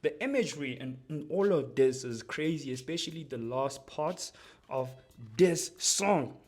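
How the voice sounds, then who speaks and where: A young man explaining rap lyrics in a casual, slangy, excitable way, breaking off from quoted lines to unpack them. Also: on the high side, unhurried. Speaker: music commentator.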